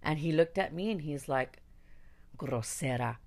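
A woman's voice: deep voice, brisk, darkish tone. A woman telling a candid personal story about her singing career, blunt and outspoken, swearing freely. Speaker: singer recounting her career.

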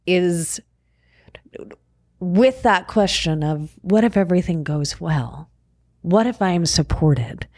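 Calm, low-voiced reflective woman. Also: slow pace, pauses often, dry recording, clean studio sound. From Long Island, New York. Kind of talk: reflective casual conversation.

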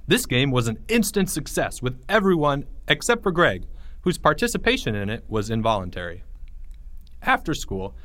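A man's voice: medium pitch, normal speed, no echo. A man reading his own children's story aloud and voicing each character in turn. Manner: expressive, plays each character. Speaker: author and audiobook reader. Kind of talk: scripted storybook narration.

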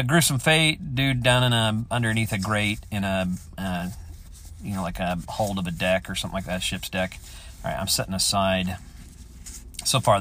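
A man's voice: low voice, a bit bright, a little hiss or hum. A man hosting his own podcast, thinking aloud in a rambling, enthusiastic way as he chats on his own. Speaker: podcast host. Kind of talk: casual solo chat.

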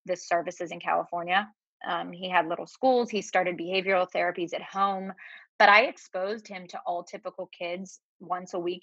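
A woman guest on a podcast talking about her family, halting and tearful, with many fillers and restarts. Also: on the low side, a bit bright, no echo, lo-fi sound. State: crying at times. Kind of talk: emotional personal conversation.

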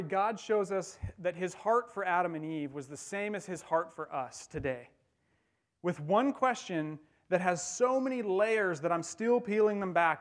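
A man with a slightly higher-than-usual voice preaches to his church. He talks in a loose, conversational way and slips in dry jokes between his points. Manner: conversational, wry humor while preaching. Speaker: pastor. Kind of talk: sermon.

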